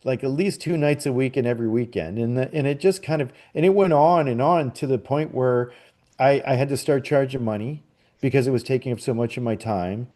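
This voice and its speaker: A man's voice: medium pitch, fairly quick, warm tone. A middle-aged man, a guest on a podcast, telling a long personal story in a casual, rambling way with many fillers and restarts. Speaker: podcast guest, psychic medium.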